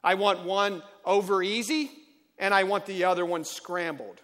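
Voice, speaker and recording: A man's voice: sits high, normal speed, fairly bright tone, long reverb tail, pitched above the performer's own voice. A man voicing a fussy, complaining husband who barks his demands. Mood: demanding. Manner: demanding, barking orders.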